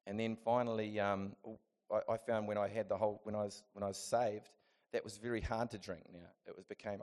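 A man sharing a casual personal testimony, animated and laughing often, sometimes jumping into loud, high acted bursts of his own past voice. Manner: laughs often between phrases. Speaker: Christian vlogger sharing a testimony.

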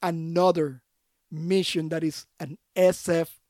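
A man, a podcast guest and army veteran, telling stories in a casual, slangy, animated way in a studio. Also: fairly high pitch, slow, no echo. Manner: animated, slangy, acts out other voices. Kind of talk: casual storytelling.

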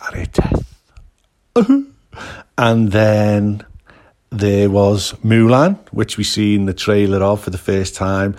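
A low-pitched man with an English accent talks slowly through a casual recorded message. He rambles and jokes, now and then slipping into silly put-on accents. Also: a little mellow. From England. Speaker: guest contributor.

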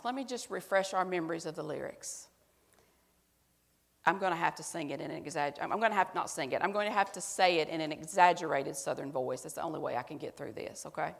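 A woman's voice: sits low, fairly quick, vocal fry, big-room sound. A woman pastor giving a sermon, speaking to the congregation in a conversational, self-mocking way.

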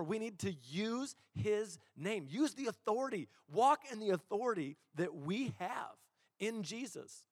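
Man, pastor, animated sermon, slightly high voice, long hall reverb. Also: unhurried, slightly rough, clean studio sound. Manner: animated storytelling, acts out quotes.

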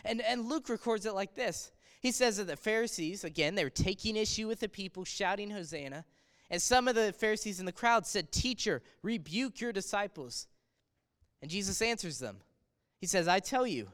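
A man's voice: high-pitched, animated, moderate pace, fairly bright tone, in a large hall. A male pastor preaching a sermon, swelling in volume on the quoted cries of the crowd.

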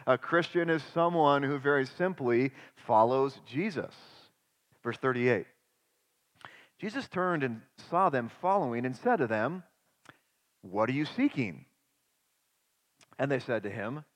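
A man preaching a sermon as pastor, emphatic, posing rhetorical questions and dropping suddenly to quiet. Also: fairly high pitch. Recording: long hall reverb.

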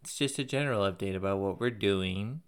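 A man's voice: fairly low pitch, brisk, clear, resonant tone. A man co-hosting a casual podcast, with a dry, sardonic, teasing way of talking. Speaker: podcast co-host. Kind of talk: casual chat.

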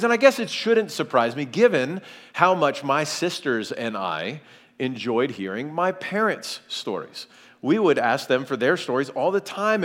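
A man's voice: medium pitch, fairly bright tone. A man in his forties from Kentucky, a guest preacher giving a sermon with friendly, joking asides to the congregation. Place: large church hall. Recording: long church hall reverb.

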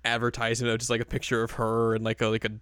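A man's voice: mid-range voice, monotone, a bit bright, clean tone, no room sound, studio quality. Giggly man recapping an episode. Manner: laughs often, acts out characters' lines in quick put-on voices. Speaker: podcast co-host. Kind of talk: casual chat recapping an anime episode.

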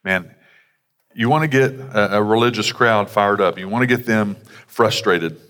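A man's voice: on the low side, moderate pace, a bit bright. Man preaching in an echoing hall. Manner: conversational preaching with asides. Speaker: pastor. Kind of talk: sermon. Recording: long hall reverb.

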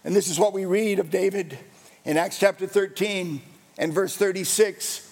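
Male pastor, high gravelly voice, emphatic repetitive preaching in a reverberant hall. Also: normal speed, a little mellow. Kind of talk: sermon.

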